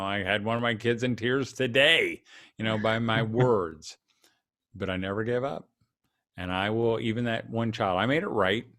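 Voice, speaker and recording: A man's voice: on the low side, a bit bright. Humorous middle-aged male speaker. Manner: humorous, storytelling, self-deprecating. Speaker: conference keynote speaker. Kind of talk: casual interview talk.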